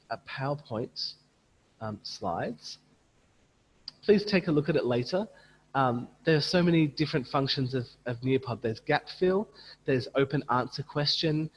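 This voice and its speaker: Slow husky man leading an online training. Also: medium pitch, big-room sound, poor audio. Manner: patient, models words slowly and repeats them. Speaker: teacher trainer. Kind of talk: online teacher training webinar. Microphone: computer mic on a video call.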